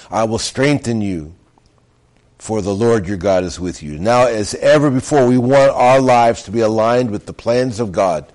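Earnest male pastor preaching, lowish voice, chatty asides. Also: darkish tone. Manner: earnest, repeats phrases with emphatic pauses; conversational storytelling with restarts. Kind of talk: sermon.

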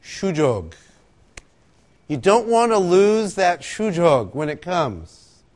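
High-pitched guy preaching, voice swoops all over, acts out little quotes. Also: slow pace. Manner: animated storytelling, acts out quotes, laughs often. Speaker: pastor. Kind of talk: sermon.

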